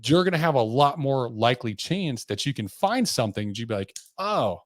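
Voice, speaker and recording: A man's voice: mid-range voice, big pitch swings, fairly quick, no echo, studio quality. A man hosting a podcast, chatting casually and agreeing with enthusiasm. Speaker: podcast host.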